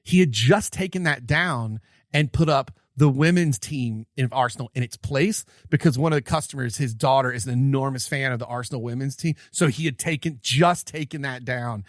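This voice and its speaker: A man, co-hosting a podcast and telling a story in an excited, animated way, often restarting his sentences. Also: mid-range voice, normal speed, no room sound, studio quality. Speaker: podcast co-host. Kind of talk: casual storytelling chat.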